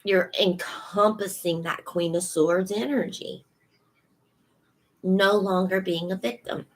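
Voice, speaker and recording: A woman's voice: medium pitch, steady tone, slow, rough recording. A woman giving a casual tarot reading, sassy and emphatic, speaking straight to her viewers. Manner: sassy, emphatic, laughs often. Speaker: tarot reader.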